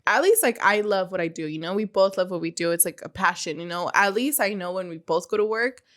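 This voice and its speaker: A woman's voice: fairly low pitch, fairly quick, fairly bright tone. A young woman speaking as a guest in a casual chat, telling her stories emphatically. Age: young adult. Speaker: guest, salon owner.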